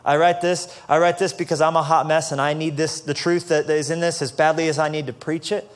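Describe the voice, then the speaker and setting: A man preaching a casual, joking sermon to a church audience, building up to loud, passionate peaks. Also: a little high, little pitch movement, fairly quick. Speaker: pastor. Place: church stage before a live audience.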